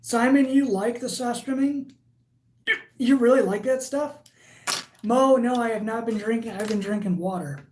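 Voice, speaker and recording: A woman's voice: fairly high pitch, normal speed, darkish tone, slight background noise. A woman hosting a casual livestream, reading viewer comments aloud and chatting in a rambling way. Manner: chatty and rambling, with frequent fillers. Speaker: livestream host.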